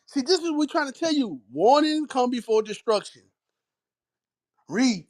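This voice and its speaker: Blunt high-voiced preaching man. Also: sing-song, moderate pace, long pauses, a little mellow. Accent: African American Vernacular English. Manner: blunt, commanding, interjecting often. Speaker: teacher leading a scripture reading. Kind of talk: street preaching commentary.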